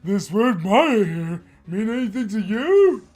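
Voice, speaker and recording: A player voicing a dim-witted, loud male police detective with a goofy, cartoonish drawl, over soft game music. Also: mid-range voice, big pitch swings, slow pace, pitched above the performer's own voice. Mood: dopey. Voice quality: goofy, thick-headed cartoonish voice.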